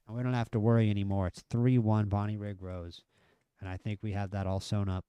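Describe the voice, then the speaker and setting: A man live-streaming a football management game, chatting through the match and getting excited at near misses and goals. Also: fairly low pitch, fairly quick, smooth, no room sound. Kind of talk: live gameplay commentary.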